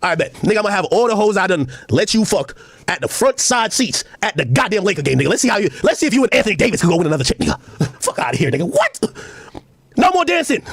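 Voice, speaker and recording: A man loudly ranting on a clip, mocking and profane, often shouting and laughing. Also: high-pitched, sing-song, fast, slightly rough, dry recording. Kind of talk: heated reaction rant.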